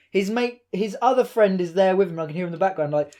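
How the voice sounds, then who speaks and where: High-voiced young man telling stories. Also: quick pace, hardly any pauses. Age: young adult. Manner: animated, laughs while retelling, mimics others' voices. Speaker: podcast co-host. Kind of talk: casual storytelling chat.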